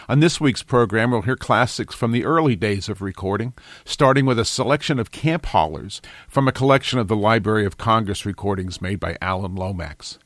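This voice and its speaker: A man hosting a radio music magazine, presenting in a measured, even, scripted way. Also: lowish voice, dry recording. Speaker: radio host.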